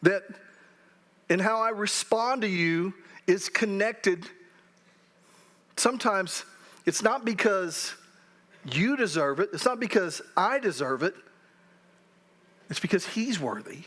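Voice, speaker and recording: A man's voice: high-pitched, lively intonation, takes it slowly, pauses often, fairly bright tone. A middle-aged man pastor giving a sermon in a church, talking in a conversational way with frequent restarts. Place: church sanctuary.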